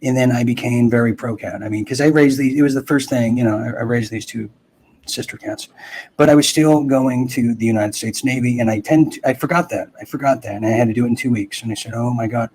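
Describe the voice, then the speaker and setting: A man's voice: medium pitch, fairly quick, a little mellow, slight background noise. A man in his thirties hosting, telling a personal story in a rambling way with many restarts and asides. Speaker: host. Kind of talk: casual storytelling.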